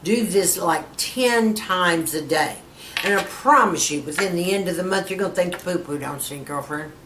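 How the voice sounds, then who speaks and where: A mature woman in her fifties talks to her viewers as a beauty vlogger, chatty and encouraging, and keeps calling them girlfriend. Her voice sits a little low and comes from a slight distance. The room gives it a noticeable echo over faint background ambience. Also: normal speed, a bit bright, slight background noise. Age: 50s. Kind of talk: casual advice to camera.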